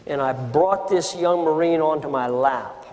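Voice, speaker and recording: An older man recounts his time as a Marine officer in a slow, deliberate oral-history telling, leaning hard on his words and circling back to repeat them. His voice sits a little high for a man. It rings with a long reverb over a faint bed of ambient noise. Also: darkish tone. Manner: slow, deliberate, emphatic retelling with repetitions.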